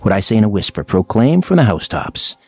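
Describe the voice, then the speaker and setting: Low-voiced radio host. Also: male voice, sing-song, a little mellow, husky, no room sound. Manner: measured, conversational with fillers. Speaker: radio talk show host. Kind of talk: radio talk show hosting.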